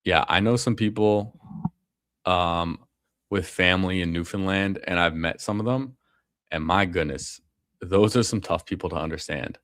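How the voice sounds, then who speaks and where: Low-voiced laid-back fantasy football streamer. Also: male voice, moderate pace, fairly bright tone, no room sound, clean studio sound. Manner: casual, slangy, calls people bro and man. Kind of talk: casual live commentary.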